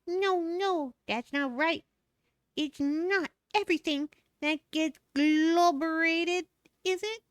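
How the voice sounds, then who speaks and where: A woman's voice: extremely high pitch, takes it slowly, dry recording, clean studio sound, pitched above the performer's own voice. A woman voicing a bubbly little monster that mangles words playfully, reading game dialogue. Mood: worried.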